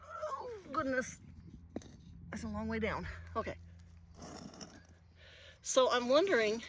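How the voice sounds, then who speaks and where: A woman's voice: fairly high pitch, expressive, unhurried. Woman talking to camera while she gardens; easygoing, muses aloud, light street noise in the background. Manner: chatty, thinking aloud, soft-spoken asides. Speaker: gardening vlogger. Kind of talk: casual narration while working. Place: outdoor garden. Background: passing traffic.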